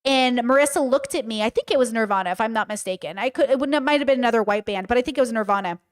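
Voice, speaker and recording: Woman with a somewhat high voice for a casual livestream; blunt, animated and emphatic delivery. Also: rapid-fire. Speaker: livestream commentator. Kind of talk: casual livestream storytelling and commentary.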